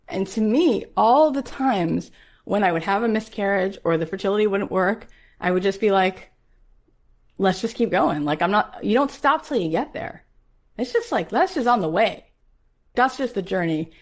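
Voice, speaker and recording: With a medium-pitched voice, lively intonation and a normal pace, this woman in her forties hosts a podcast. Her personal story comes across as emphatic and motivational, sprinkled with rhetorical questions.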